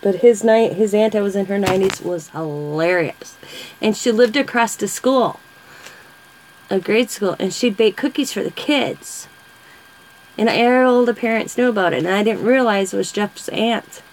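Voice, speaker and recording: A woman's voice: mid-range voice, moderate pace, slight background noise, poor audio. A woman vlogger chatting casually with viewers, telling rambling stories and answering comments. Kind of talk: casual live-stream chat.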